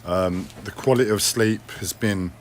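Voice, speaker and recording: A man speaking alone on a personal livestream vlog. He rambles, criticises himself, swears often, and keeps clearing his throat and coughing. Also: lowish voice, normal speed, a little hiss or hum.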